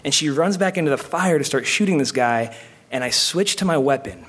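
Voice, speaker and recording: A man's voice: fairly high pitch, animated, brisk, background noise. A man telling a rambling story to a live audience in a casual, comedic way. He swears freely and laughs in the middle of his sentences.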